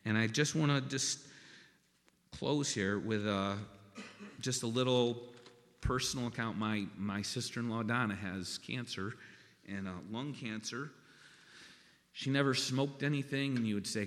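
A man's voice: fairly low pitch, moderate pace, fairly bright tone. A man preaching a sermon in a folksy, conversational way, often checking in with "okay?". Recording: long reverb of a large hall.

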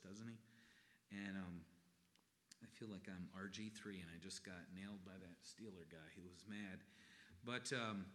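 A man preaching a sermon, telling stories with energy and reading scripture aloud. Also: fairly low pitch. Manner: animated storytelling, reads scripture aloud. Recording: long reverb in a large hall.

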